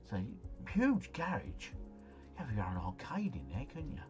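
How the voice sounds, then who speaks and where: A man giving live gameplay commentary, chatty and excitable as he talks to his viewers. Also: medium pitch, unhurried, over music. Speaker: gaming livestreamer.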